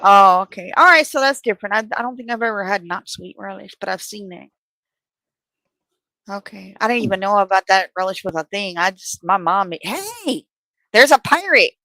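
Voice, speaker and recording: Chatty, bright-voiced woman, dry room. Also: mid-range voice, animated, normal speed, no echo, poor audio. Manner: chatty, swears casually. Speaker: co-host. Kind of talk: casual chat.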